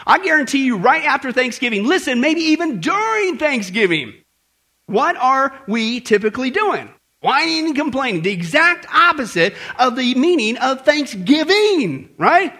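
A man's voice: very high voice, very animated, normal speed, bright, forceful tone. A man preaching a sermon as pastor, asking the congregation rhetorical questions and telling a story.

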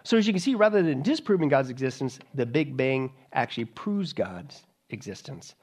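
A man's voice: mid-range voice, big pitch swings, normal speed, darkish tone. A man preaching a sermon to an audience, sarcastic and mocking, with many rhetorical questions.

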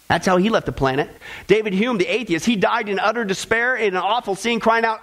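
A man's voice: sits high, fast, fairly bright tone, rough recording. A man preaching a sermon with emphatic, repeated phrases, speaking directly to the congregation.

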